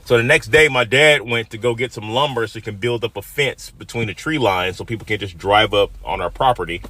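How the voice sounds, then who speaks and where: A man from Michigan in his fifties tells a personal story aloud in a plain-spoken, emphatic way that swings from quiet to loud. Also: on the low side, fairly quick. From Michigan, USA.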